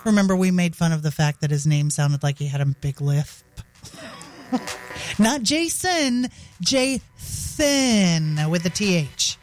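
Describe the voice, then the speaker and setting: A woman's voice: low-pitched, lively intonation, unhurried, pauses often, a little mellow, faint music behind. A woman hosting a radio show, telling a story in a playful, mocking way and laughing at her own jokes. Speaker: radio host. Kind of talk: casual radio chat.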